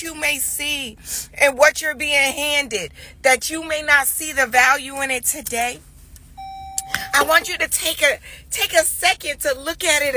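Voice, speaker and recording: Slow, bright-voiced earnest woman. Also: high voice. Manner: earnest, emotional, repeats phrases for emphasis. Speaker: mother sharing a devotional. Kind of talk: heartfelt storytelling turning into preaching.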